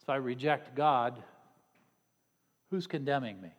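At a measured pace and medium pitch, a middle-aged preacher gives a chatty sermon in a hall where his voice echoes at length. He jokes conversationally and throws sarcastic asides to the congregation.

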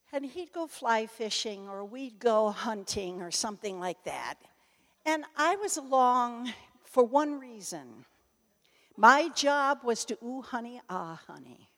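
Older woman storyteller, slightly high and very expressive, unhurried, laughs often, recorded in an echoey hall. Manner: animated, laughing, self-interrupting. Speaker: storyteller speaking to an audience. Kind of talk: humorous personal anecdote.

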